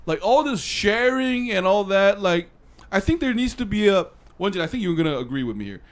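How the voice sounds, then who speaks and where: Excitable male co-host, animated up-and-down delivery, rambling and teasing. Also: high voice, a little fast. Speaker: podcast co-host and film reviewer. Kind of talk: casual review chat.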